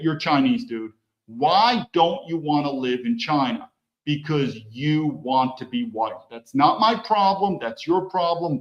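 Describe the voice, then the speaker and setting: A man's voice: fairly high pitch, highs cut off. A man hosting a political commentary show, reacting bluntly to news clips with mocking asides.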